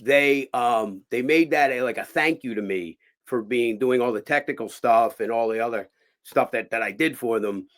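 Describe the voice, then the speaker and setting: A middle-aged man with an ordinary, mid-pitched voice tells long anecdotes in a relaxed podcast chat. He livens the stories by acting out what each person said, stumbling and restarting as he goes. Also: normal speed. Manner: animated anecdote teller, acts out quoted dialogue. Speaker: podcast guest and boxing promoter. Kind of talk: casual storytelling chat.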